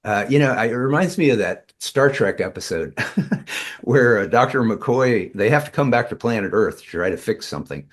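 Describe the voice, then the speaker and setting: A man's voice: medium pitch, animated, normal speed. A man, a tai chi teacher, telling rambling stories as a guest in a casual interview, with many fillers and restarts.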